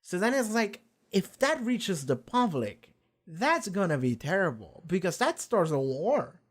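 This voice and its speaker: A man's voice: sits high, big pitch swings, measured pace. A young man hosting a casual reaction video, rambling through an episode with lots of fillers and swearing. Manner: loose and rambling, swears a lot, many fillers.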